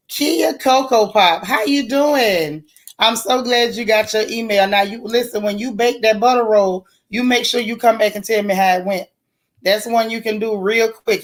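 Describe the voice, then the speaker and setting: Folksy woman hosting a chatty livestream. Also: fairly high pitch. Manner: folksy, warm-toned banter with drawn-out greetings. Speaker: livestream host. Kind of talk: casual livestream chat greeting viewers.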